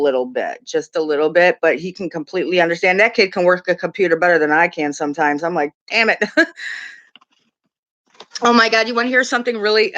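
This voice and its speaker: A woman's voice: lowish voice, fairly bright tone, highs cut off. A middle-aged woman, a mother, chatting casually on her live stream. She tells stories with lots of giggles and acts out the voices of the people in them. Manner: chatty storyteller, giggles often, mimics voices.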